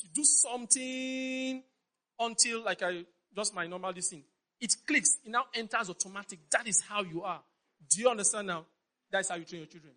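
In a rough recording, a middle-aged Nigerian man with a high-pitched, sharp voice and a Nigerian accent delivers a sermon as a pastor. He repeats himself emphatically and keeps checking whether his congregation is following.

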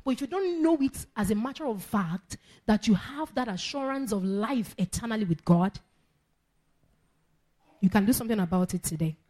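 A woman preaching. Her voice sits a little high, and she leans hard on repeated phrases with a lively, insistent delivery. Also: moderate pace. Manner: emphatic, repeats phrases, laughs between points. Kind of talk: sermon.

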